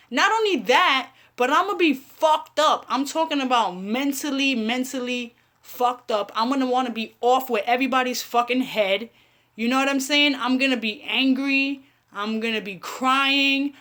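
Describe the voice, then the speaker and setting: A woman's voice: high-pitched, unhurried, bright, forceful tone. A woman hosting an online radio show, ranting bluntly and profanely while replying to her chat. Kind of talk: casual ranting commentary.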